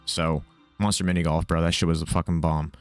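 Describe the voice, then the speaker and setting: A man's voice: sits low, level tone, brisk, clean tone, soft background music. A young man telling a casual, comedic personal story in a rambling, profane way, full of fillers and slang. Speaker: storyteller, video host.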